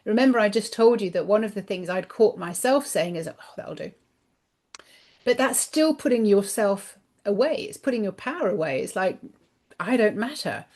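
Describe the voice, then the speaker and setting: A woman's voice: mid-range voice, expressive, brisk, hardly any pauses, a little mellow. A woman giving a spiritual card reading in an emphatic monologue, repeating words for stress. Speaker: spiritual card reader and channel. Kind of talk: inspirational monologue to camera.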